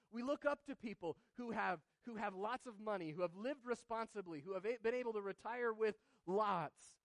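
A pastor in his thirties preaching a sermon, swinging between loud emphatic proclaiming and soft hushed asides. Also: high voice, dry recording.

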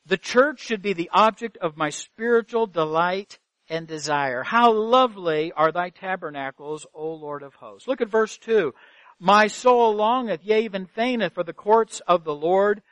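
Male pastor, high voice, dry recording, earnest sermon with rhetorical questions. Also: lively intonation, unhurried, a bit bright, no room sound, lo-fi sound. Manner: earnest preaching, rhetorical questions, repeats phrases for emphasis. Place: church sanctuary.

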